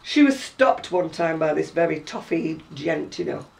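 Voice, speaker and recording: A woman's voice: sits low, expressive, normal speed, gravelly. An older woman with a Lancashire accent, chatting at home as host and laughing through her stories. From Oldham area, northwest England. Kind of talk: casual chat. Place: living room at home, indoors. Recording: distant camera mic in a room.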